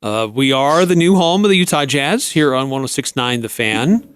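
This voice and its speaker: Measured male sports radio co-host. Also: medium pitch, lively intonation, a bit bright, clean tone, no echo. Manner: measured, plugs the station's schedule. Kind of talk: casual sports talk.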